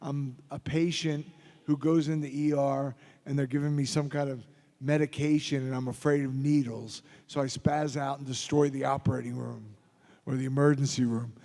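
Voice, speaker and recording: A man's voice: medium pitch, fairly even intonation, moderate pace, gravelly, dark tone. A man from Philadelphia telling rambling, joking anecdotes as a guest at a convention panel Q&A. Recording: reverberant convention hall.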